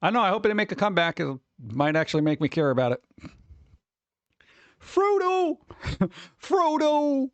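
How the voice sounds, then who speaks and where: A man in his forties hosting a stream, talking in a loose, rambling way with wry asides and muttered reactions. His voice sits a little high for a man and sounds close and dry, with no room around it. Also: expressive, rapid-fire, fairly bright tone, no room sound, highs cut off. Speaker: streamer host. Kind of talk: casual rambling commentary.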